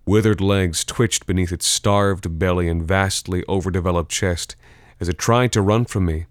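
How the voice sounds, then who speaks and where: A man narrating a first-person horror story in a measured, tense way. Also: deep voice, smooth, no room sound, clean studio sound.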